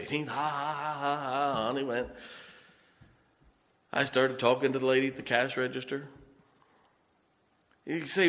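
A man's voice: medium pitch, animated, measured pace, pauses often, a bit bright. A male pastor preaching a sermon, telling folksy stories and laughing often between points. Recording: long hall reverb.

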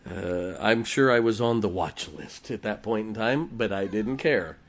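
Blunt preacher chuckling between points. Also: male voice, fairly low pitch, unhurried. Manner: blunt, emphatic lists with frequent chuckles. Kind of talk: sermon. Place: church before a congregation.

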